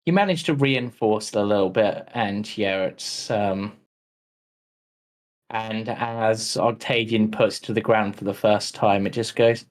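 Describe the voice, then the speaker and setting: A man narrating as game master of a tabletop campaign, relaxed and a little hesitant, with plenty of fillers. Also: on the low side, unhurried, low-quality recording.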